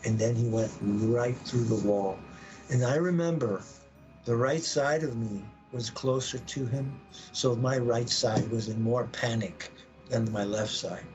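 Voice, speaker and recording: A man telling an intense personal story on a live podcast, acting out his own words and the words of others with sudden jumps in pitch. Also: measured pace, music in the background, poor audio. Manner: animated, acts out quoted voices with sudden pitch jumps.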